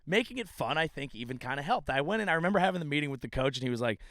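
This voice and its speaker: A man's voice: a little high, expressive, rapid-fire, fairly bright tone, dry recording, studio quality. A man hosting his own show as a comedian, telling rambling, profane, self-deprecating stories in a casual monologue outdoors. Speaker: comedian and podcast host. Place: outdoors by a ditch at a family home.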